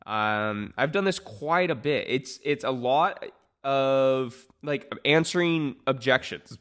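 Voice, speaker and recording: Brief: male marketing coach, mid-pitch, casual and emphatic, lots of fillers. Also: slow pace. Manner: energetic, emphatic, many "like" fillers. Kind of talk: casual talking-head advice.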